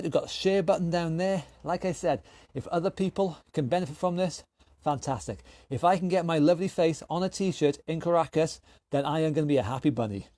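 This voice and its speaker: A man coaching an online workout class, energetic and encouraging as he calls out moves, slightly out of breath. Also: a little high, no room sound, studio quality. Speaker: fitness instructor.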